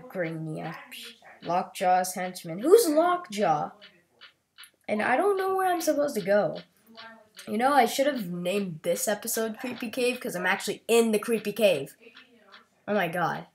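A woman hosting a let's play, giving excitable, chatty and playful gameplay commentary. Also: mid-range voice, normal speed. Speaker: gaming video host.

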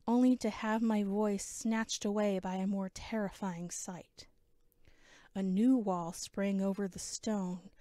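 Slow, dry-voiced woman reading a story. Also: on the high side, warm tone, dry recording. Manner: slow, measured dramatic reading. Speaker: audiobook narrator. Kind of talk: scripted first-person story narration.

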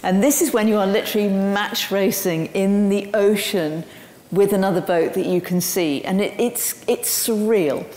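A woman speaks as a guest lecturer and tells her story with lively energy and many ums. Her voice carries through a large room with a long, ringing echo. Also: medium pitch, moderate pace. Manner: animated storytelling with frequent ums. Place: lecture hall. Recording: roomy hall with long reverb.

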